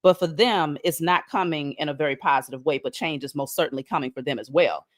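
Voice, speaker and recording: A woman giving a spiritual card reading on a live stream, chatting casually to viewers and reading declarations slowly and emphatically. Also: deep voice, no room sound, clean studio sound.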